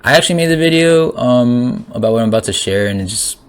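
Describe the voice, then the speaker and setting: A young man talking through his theories in an excited, rambling monologue, full of restarts, swearing and sudden rises in his voice. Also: mid-range voice, quick pace, smooth. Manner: emotional, voice jumps up. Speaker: conspiracy vlogger.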